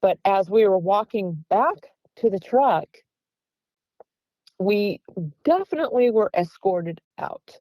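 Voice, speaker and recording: A woman's voice: mid-range voice, animated, takes it slowly, long pauses, dark tone, no echo, low-quality recording. A woman guest earnestly telling a long encounter story, acting out the quoted voices of the people in it. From Pennsylvania. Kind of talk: recounting an encounter.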